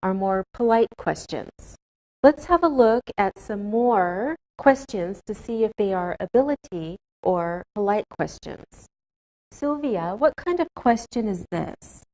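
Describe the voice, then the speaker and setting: A woman teaching English in a scripted classroom lesson, speaking slowly and carefully with clear enunciation. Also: mid-range voice, animated, mellow, poor audio.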